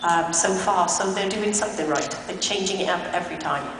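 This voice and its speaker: A woman at a convention panel, telling lively anecdotes between bursts of laughter. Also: on the low side, brisk. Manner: animated, laughing storyteller. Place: large convention hall. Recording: echoey hall from far off, loud crowd noise. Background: loud crowd and hall noise.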